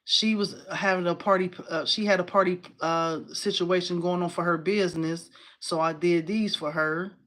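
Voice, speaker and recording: A woman in her forties hosting a casual crafting livestream, chatty and animated, talking to viewers and reading their comments. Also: fairly low pitch, normal speed, hardly any pauses. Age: 40s. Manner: chatty and animated, addresses viewers as y'all, laughs often.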